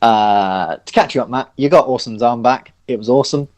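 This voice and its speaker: A man's voice: mid-range voice, brisk, dry recording. Young guy running a tabletop game, laid-back, dry close sound. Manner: relaxed, with frequent fillers. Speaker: dungeon master.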